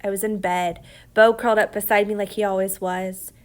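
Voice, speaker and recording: A woman narrating an audiobook in a quiet, reflective way, sometimes dropping to a whisper. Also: mid-range voice, fairly even intonation, a little fast, clean tone.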